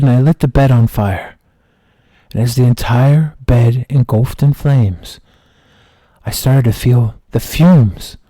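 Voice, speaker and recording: A man streaming who tells a comic story with mock-dramatic, slow deadpan delivery. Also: mid-range voice, dry recording.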